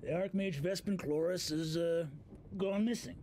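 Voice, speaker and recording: A man's voice: sits high, steady tone, moderate pace, mellow, a little hiss or hum, voice pushed up, natural voice. Man doing a chatty burly half-orc guy. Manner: rambling, folksy.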